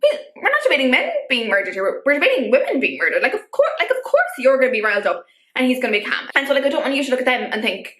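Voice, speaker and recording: Rapid-fire and sing-song, a woman's high, slightly bright voice comes through the camera mic with reverberation. She's vlogging casually, chatting with plenty of filler words and getting more worked up along the way.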